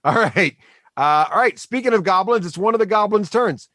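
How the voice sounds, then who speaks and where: A man narrating as game master of a tabletop game, animated and laughing, adding sound effects. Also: high voice, normal speed, no room sound, studio quality.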